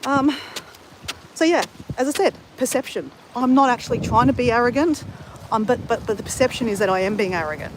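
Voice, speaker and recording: Blunt woman vlogger, slightly high voice, swears freely, faint hum behind. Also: brisk. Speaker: travel vlogger. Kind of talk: casual chat to camera.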